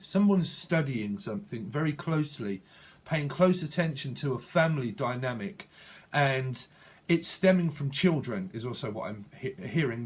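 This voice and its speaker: A man giving a channeled tarot reading in a rambling, repetitive way, often correcting himself mid-word. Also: medium pitch. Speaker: tarot reader.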